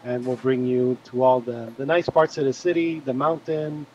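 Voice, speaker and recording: Man, host, relaxed announcements, muffled lo-fi audio. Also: mid-range voice, moderate pace, slight background noise. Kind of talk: casual live stream chat.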